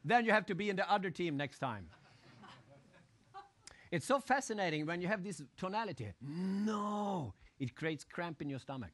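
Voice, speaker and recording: A man giving a live motivational seminar talk, animated, acting out crowd shouts and putting questions to his audience. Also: sits high, brisk, pauses often. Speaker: motivational speaker.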